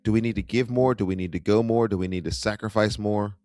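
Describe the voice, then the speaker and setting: A man's voice: on the low side, fairly even intonation, fast talker, a little mellow, dry recording. A middle-aged man hosting a livestream show, chatting casually with wry asides as he reacts to clips. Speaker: host.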